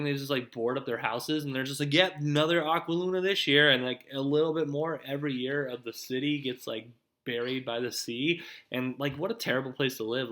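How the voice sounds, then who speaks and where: A man's voice: mid-range voice, a bit bright. A young man hosting his own show, giving a rambling, casual recap of anime episodes, full of "like" and "dude". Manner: laid-back, rambling, heavy on "like" and "dude". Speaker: show host.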